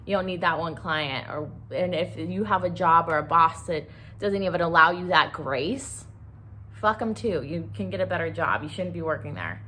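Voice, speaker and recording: A woman's voice: fairly low pitch, normal speed, bright, forceful tone, slight background noise. A woman hosting a solo podcast, talking candidly about grief in a blunt, profane, impassioned way. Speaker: podcast host.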